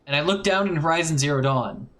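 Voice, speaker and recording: This live game streamer has a fairly high, fairly bright voice and a quick pace. He keeps things casual and playful, humming fillers while he makes decisions, and faint music plays behind him.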